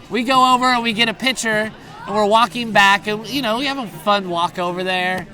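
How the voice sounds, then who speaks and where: A man's voice: sits high, brisk, bright, forceful tone. A man giving a rambling, anecdotal wedding toast outdoors, laughing as he tells a story and mimicking voices in the quotes.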